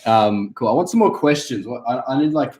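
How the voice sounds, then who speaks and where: A young man hosting a late-night live stream at home, jokey, swearing and quick to laugh, talking into a camera-mounted mic. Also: medium pitch, animated, a crowd in the background.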